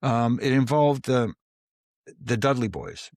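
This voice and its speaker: Ex-referee guest, male, gravel in the voice, dry close sound, spins anecdotes with acted-out dialogue. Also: mid-range voice, lively intonation, takes it slowly, a little mellow, dry recording. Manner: storyteller who acts out quoted dialogue in his tales. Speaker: former wrestling referee, interview guest. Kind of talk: casual anecdotal storytelling.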